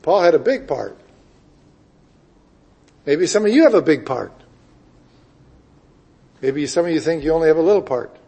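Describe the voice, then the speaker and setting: A man preaching a sermon, reading scripture and explaining it with emphatic swings between loud declarations and hushed asides. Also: on the high side, expressive, moderate pace, creaky, pauses often.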